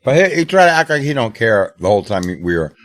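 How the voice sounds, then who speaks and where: Chill guy co-hosting a podcast, slangy, middle pitch. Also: big pitch swings, fast. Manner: laid-back, slangy. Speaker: podcast co-host. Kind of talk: casual chat.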